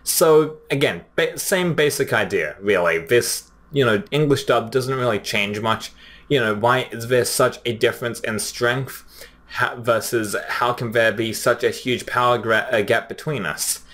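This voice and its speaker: A young anime commentary host compares dub lines in casual, chatty commentary, his mid-range voice fairly bright. He often pauses with fillers and restarts sentences, reading the quotes plainly.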